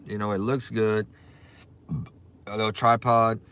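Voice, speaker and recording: A man's voice: fairly low pitch, level tone, unhurried, fairly bright tone, clear, resonant tone. A man vlogging in a casual, rambling way about his recording gear, with restarts and fillers. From southern United States.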